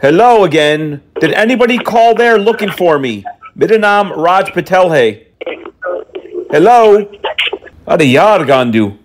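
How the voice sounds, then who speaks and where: Brief: high-pitched male prank caller, taunting, faint background hiss. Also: animated, unhurried. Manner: mocking, taunting, slips into Hindi phrases. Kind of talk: prank phone call.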